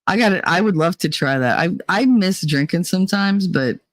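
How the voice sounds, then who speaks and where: A woman's voice: lowish voice, expressive, moderate pace, no echo, poor audio. A woman livestreamer chatting casually in a blunt, rambling way, swearing and laughing often.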